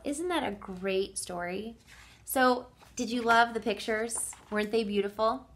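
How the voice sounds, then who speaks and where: A woman's voice: mid-range voice, fairly bright tone. A woman reading teacher reading a picture book aloud and talking children through its words with cheerful questions.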